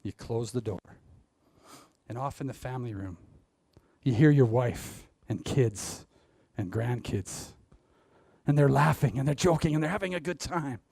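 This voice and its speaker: A man's voice: mid-range voice, unhurried, vocal fry, darkish tone, no room sound, studio quality. A man giving a motivational stage talk, speaking straight to the audience and laughing at his own jokes. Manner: addresses the audience directly. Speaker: public speaker.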